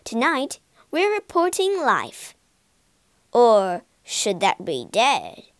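A woman voicing a chirpy female TV presenter in a storybook reading, in a hushed presenting manner. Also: on the high side, wildly swooping pitch, extremely slow, no echo, clean studio sound, full character voice.

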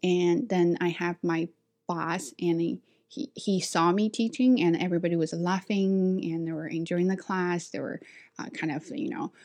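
Woman, Chinese native speaker, casual storytelling, ESL teacher, frank, animated. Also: normal speed. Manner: animated, acts out quotes with high voices; frank and self-assured.

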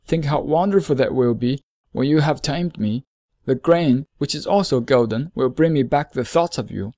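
A man voicing a gentle, lonely male fox in a storybook reading, earnest and measured, explaining things slowly. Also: medium pitch, dry recording, studio quality, natural voice.

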